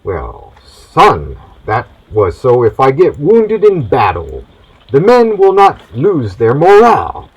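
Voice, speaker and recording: A man voicing a gruff, fatherly old sea captain who talks to his cabin boy in a folksy, patronizing way. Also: medium pitch, wildly swooping pitch, takes it slowly, muffled recording, exaggerated voice.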